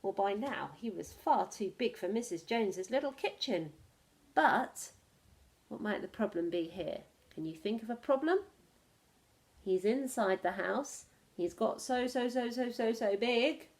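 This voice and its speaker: A woman reads a children's picture book aloud in an animated way, stopping to ask her young listeners questions. Her voice is fairly high and swoops widely, and she takes her time. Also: unhurried. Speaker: storyteller for children.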